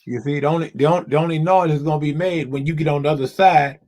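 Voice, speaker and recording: A man's voice: on the high side, fast talker, a little mellow. A man talking casually over a video call, emphatic and repetitive, like a preacher. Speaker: guest. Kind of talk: casual chat.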